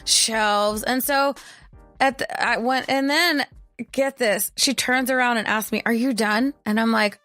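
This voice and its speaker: A woman co-hosting a podcast, retelling a story in a heated, profane, animated way in casual chat. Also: a little high, measured pace, faint music behind. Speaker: podcast co-host.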